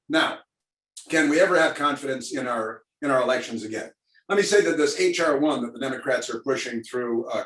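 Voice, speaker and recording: A man's voice: mid-range voice, echoey room, far from the mic, rough recording. A man hosting a virtual call-in talk show, rambling and wry in his answers. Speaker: radio talk host.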